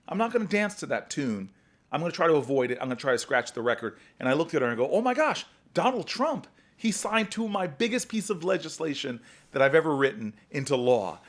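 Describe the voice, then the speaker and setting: A man, a senator telling stories in a podcast conversation, animated and acting out the people he quotes. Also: medium pitch. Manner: animated storyteller, acts out quoted voices. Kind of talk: storytelling conversation.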